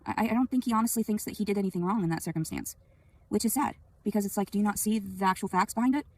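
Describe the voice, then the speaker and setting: A young woman in a rambling, profane venting monologue, swinging between loud anger and quiet sadness, recorded on a phone. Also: medium pitch, racing, distant mic. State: sleepy.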